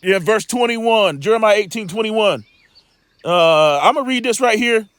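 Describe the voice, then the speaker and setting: A man's voice: high-pitched, lively intonation, unhurried, a bit bright, smooth, no echo. A man teaching scripture in a loose sermon style, rambling and emphatic, with lots of stammering restarts and streetwise asides.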